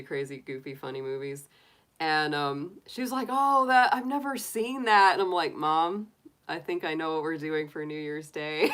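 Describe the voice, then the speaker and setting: A woman's voice: low voice, a bit bright. A middle-aged woman hosting a tarot live stream, chatting casually, giggling often and greeting viewers by name.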